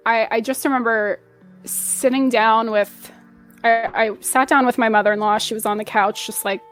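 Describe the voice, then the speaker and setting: A woman's voice: a little high, fairly even intonation, moderate pace, a bit bright, faint music behind. A woman telling a painful personal story as an interview guest, hesitant and repeating words as she restarts her sentences. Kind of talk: emotional personal account.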